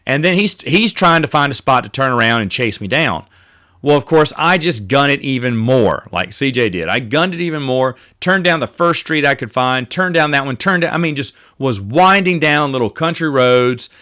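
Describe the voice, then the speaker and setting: Man, podcast host, casual storytelling, rambling, self-correcting, bright voice. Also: mid-range voice, lively intonation, moderate pace.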